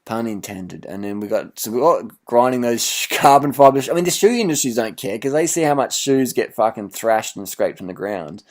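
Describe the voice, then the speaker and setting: A man's voice: mid-range voice, animated, fairly quick, few pauses. A man, a cycling vlogger, giving mocking, profane reaction commentary on a video and laughing often.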